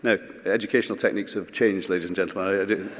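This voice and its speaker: Man, graduation speech, wry, anecdotal, halting fillers, lowish voice, large echoing hall. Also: fairly even intonation. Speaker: college speaker at a graduation. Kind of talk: ceremony speech.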